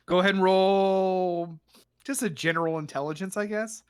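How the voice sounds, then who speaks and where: A man narrating as game master of a tabletop game, loose and halting with many fillers. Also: sits high, clean tone, no echo, studio quality.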